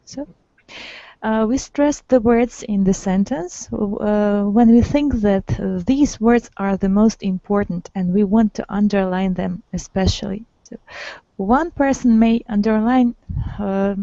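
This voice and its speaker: A woman's voice: mid-range voice, dark tone, dry recording, muffled recording. A woman teaching an online English grammar lesson, patiently correcting and repeating words for her students.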